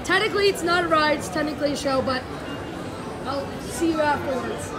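A woman vlogging casually from a theme park and hotel, excitable and quick to shriek and laugh, filming on a handheld camera. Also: high-pitched, very noisy. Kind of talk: casual travel vlog. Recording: theme park crowd and music behind.

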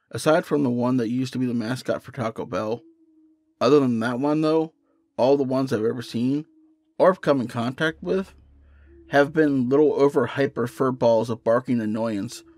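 Hombre narrando una historia de terror. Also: male voice, mid-range voice, no room sound. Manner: steady storytelling narration. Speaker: horror story narrator and channel host. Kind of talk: reading a creepypasta aloud.

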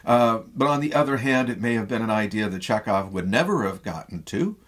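A man with a Midwestern American accent lecturing on a play. His voice sits low and sounds a little husky. He tells the story with animation and stops often on "uh" and "um" as he goes. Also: brisk. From Midwestern United States. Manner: animated storyteller with frequent fillers. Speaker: theatre professor.

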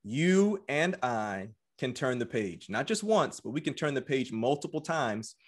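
A man's voice: medium pitch, big pitch swings, measured pace. A man who is a pastor and podcast host, speaking in a fervent, encouraging, preacherly way. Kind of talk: exhortation and show wrap-up.

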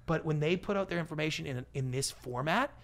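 A man speaking as a guest in a conversational podcast interview, an animated storyteller with a big, energetic personality who acts out what people said. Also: on the high side, fairly quick. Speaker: guest, pitch coach and TV producer.

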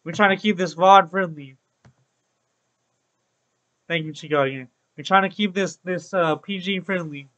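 A man's voice: sits high, moderate pace, pauses often, fairly bright tone, poor audio. A young man streaming a game, chatting upbeat with his viewers and repeating phrases like "bro". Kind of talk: casual Let's Play commentary to live chat.

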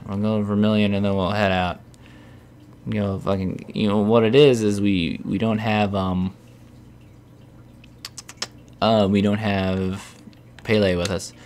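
There's a little hiss or hum behind this young man's lowish voice. Hosting a Let's Play, he chats through his gameplay casually, cursing a lot and growing exasperated at himself in a profane, self-deprecating manner.

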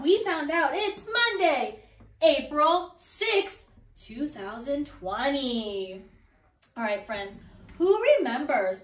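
A young woman leading toddlers through circle time from her home, in an exaggerated, encouraging sing-song teacher voice. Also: high-pitched. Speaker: preschool teacher. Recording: roomy sound, far from the mic.

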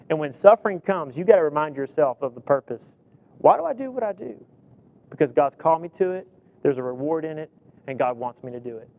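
A man's voice: fairly high pitch, quick pace, creaky. A man preaching a sermon, who also coaches kids and tells stories with acted-out dialogue. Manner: animated storytelling preacher, acts out dialogue.

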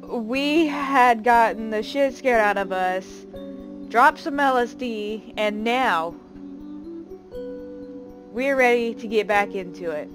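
A woman's voice: on the high side, slow, long pauses, over music. Woman, let's play host, horror game commentary, jokey, easily spooked, swears a lot. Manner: jumpy and jokey, swearing freely. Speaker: gaming channel host.

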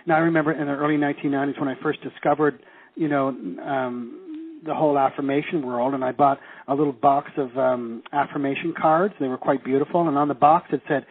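A middle-aged man from Canada, medium-pitched and slightly rough, speaks briskly while teaching a live seminar. He's animated, questions the class and acts out the reactions he recounts. The audio has a tinny, phone-like quality.

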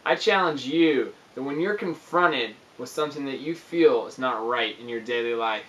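A young man telling an exaggerated, excitable story for a youth ministry vlog, with sound effects. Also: mid-range voice, normal speed, far from the mic, low-quality recording.

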